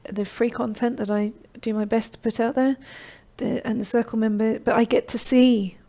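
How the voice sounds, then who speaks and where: A middle-aged woman hosting a live online course session, pitching her program with encouragement and often checking in with "okay?". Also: dark tone. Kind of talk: live-streamed sales pitch and Q&A.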